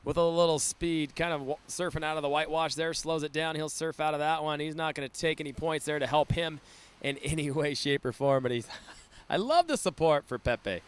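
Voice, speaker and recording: A man's voice: fairly high pitch, brisk, smooth. A man calling a live surf contest play-by-play, enthusiastic and often laughing. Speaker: surf commentator. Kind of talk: live sports commentary.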